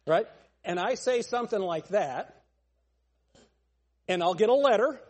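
A man preaching a sermon as pastor, emphatic and pointed, asking the congregation rhetorical questions and building to shouts. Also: sits high, lively intonation, a little slow.

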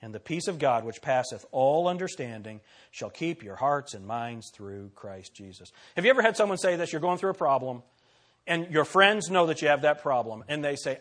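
A man preaching a sermon as pastor, repeating key phrases, asking the congregation questions, and swinging between loud declarations and hushed asides. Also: on the high side, animated, moderate pace.

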